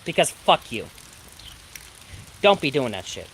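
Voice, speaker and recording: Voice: medium pitch, very animated, unhurried, fairly bright tone, a little hiss or hum. A storm streamer ranting with heavy profanity during a live stream, from the Pacific Northwest of the US. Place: home during a thunderstorm, rain outside. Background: rain.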